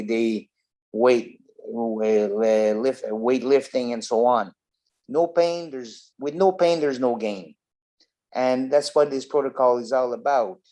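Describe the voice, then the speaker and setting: Earnest Canadian man, halting speech. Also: medium pitch, a little mellow. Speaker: interview guest. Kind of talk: casual interview.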